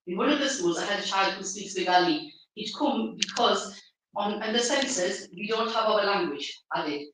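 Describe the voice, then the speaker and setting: A woman hosting a live community event, speaking to an audience at a venue through a stand microphone, pausing often with fillers and restarts. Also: medium pitch, a bit bright, slight background noise. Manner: halting, with many fillers and restarts. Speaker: event organizer and host. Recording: very echoey hall, mic far off.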